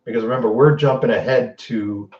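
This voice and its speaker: On a distant, roomy, dull lo-fi recording, a male show host with a medium-pitched voice briskly runs through an unscripted, profane spoiler recap of a TV episode, animatedly voicing the characters as he goes.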